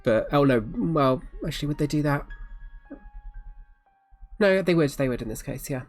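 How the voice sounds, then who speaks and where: A woman narrating a tabletop horror game as game master, calm and measured. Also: deep voice, soft background music.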